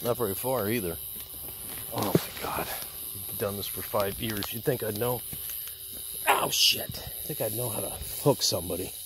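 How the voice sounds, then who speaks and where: A man's voice: on the low side, moderate pace, pauses often, background noise. A man vlogging a night hunt outdoors in a casual, rambling, profane way, talking to his dog and the animal through a handheld camera. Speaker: hunting vlogger. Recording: loud night insects outdoors.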